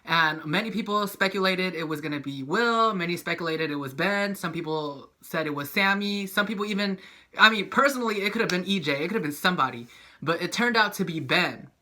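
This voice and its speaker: Bright high-voiced man ranting about soaps. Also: fairly quick. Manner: animated, profane, acts out characters' lines in quotes. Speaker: soap opera vlogger. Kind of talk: casual recap vlog.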